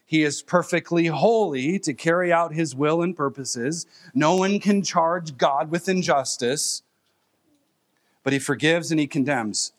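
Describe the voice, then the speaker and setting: A man preaching a sermon as pastor, emphatic, with pauses and repeated phrases. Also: on the high side.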